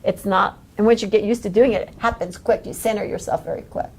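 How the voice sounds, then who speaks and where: A woman's voice: medium pitch, fairly even intonation, fast, husky. A woman leading a live coaching workshop for a group, talking energetically, laughing often and acting out quoted lines. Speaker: workshop leader.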